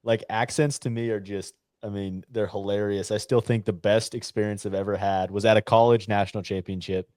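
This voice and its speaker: A man's voice: fairly low pitch, steady tone, brisk, few pauses, darkish tone, dry recording, clean studio sound. A male podcast host chatting in an easygoing way, often laughing. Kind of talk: casual podcast chat.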